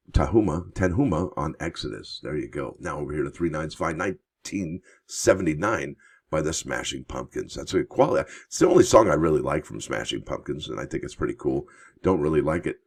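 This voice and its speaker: Very deep-voiced husky man. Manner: rambling, chatty asides, thinks aloud. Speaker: coin and bullion channel host. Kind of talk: casual commentary while reading news on screen.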